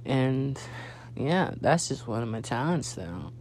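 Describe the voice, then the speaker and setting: A young man chats casually as a podcast host, wandering through his thoughts with plenty of fillers and restarts. His voice sits at a middling pitch. A faint hum runs underneath the recording. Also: sing-song, slow pace, darkish tone. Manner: rambling, many fillers and restarts. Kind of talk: casual solo podcast chat.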